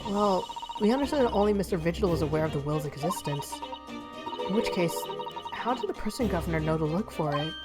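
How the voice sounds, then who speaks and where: A woman's voice: fairly low pitch, animated, fairly quick, close to an everyday voice. A woman voicing an earnest young male defense lawyer who asks polite, careful questions. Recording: game music playing behind.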